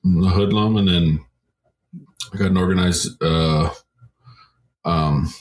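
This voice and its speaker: A man's voice: sits low, steady tone, takes it slowly, darkish tone. A Canadian man co-hosting a podcast, talking in a laid-back, casual way and swearing now and then. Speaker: podcast co-host. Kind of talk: casual chat.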